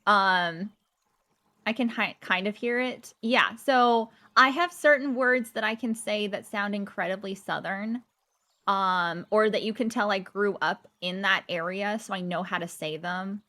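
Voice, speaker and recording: A woman streamer from Georgia in the US South chats casually with her live chat, laughing often. English isn't her first language, and her accent is generic American with a slight Midwest hint. Her mid-range voice sounds pushed and bright, and she speaks a little slowly.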